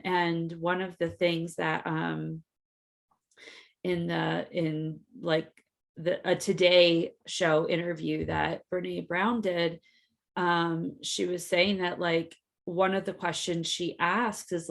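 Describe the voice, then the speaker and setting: A woman co-hosting a reflective podcast talk, her slow, low-pitched voice carrying a gravelly fry. She chooses her words with care, filling pauses with soft fillers, and sounds close to tears. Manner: thoughtful, searching for words with many fillers. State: emotional, near tears. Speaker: podcast co-host. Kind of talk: reflective casual conversation.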